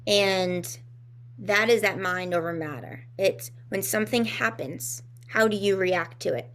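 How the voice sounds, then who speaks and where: A woman co-hosts a relaxed talk, musing aloud about healing and emotions. Her mid-pitched voice carries a gravelly fry. She wanders through her thoughts, circling back and filling pauses as she searches for words. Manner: rambling, searching for words with many fillers. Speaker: podcast co-host. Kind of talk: casual reflective talk on healing.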